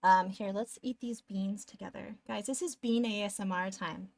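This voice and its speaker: A young woman live streamer rambles casually to her viewers, eating between sentences while sitting close to a desk mic. Her voice is medium-pitched and a little creaky, moving at a moderate pace, with no room sound.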